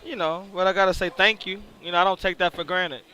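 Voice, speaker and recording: A man's voice: high voice, fairly even intonation, fast talker, sharp tone, clear, resonant tone. A man doing color commentary at a bowling event, joking playfully with his booth partners. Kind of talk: live sports commentary.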